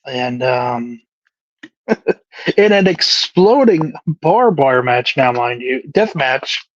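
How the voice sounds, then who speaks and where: A man's voice: mid-range voice, lively intonation, drawn-out words, no room sound. A man co-hosting a casual wrestling recap, joking and laughing through his lines. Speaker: podcast co-host. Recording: dry, dull lo-fi recording.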